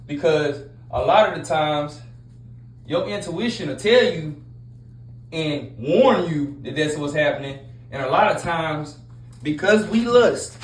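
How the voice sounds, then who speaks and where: Blunt preachy man, echoey room. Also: on the high side. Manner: blunt, preachy, repetitive, street slang. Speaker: relationship advice host. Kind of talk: casual monologue. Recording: echoey room with faint noise.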